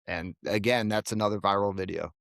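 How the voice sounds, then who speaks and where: A man, a guest on a podcast, telling stories in casual chat with quick bursts and jumps in pitch. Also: fairly even intonation, creaky, fairly bright tone, no room sound, clean studio sound. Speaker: podcast guest, HVAC technician.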